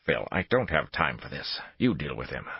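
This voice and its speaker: A man's voice: a bass voice, very animated, moderate pace, vocal fry, breathy edge, no room sound, exaggerated voice. A man voicing a ruthless, domineering male spy chief who gives orders and flares into rage. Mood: commanding. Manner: commanding, explodes into furious shouting. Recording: dull lo-fi dry recording.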